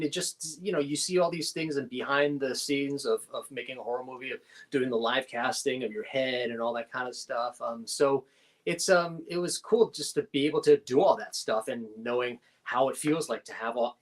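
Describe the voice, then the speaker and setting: Lively middle-aged man telling set stories. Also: medium pitch. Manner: animated anecdotes with quick laughs and acted-out quotes. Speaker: guest actor. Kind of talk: casual interview storytelling.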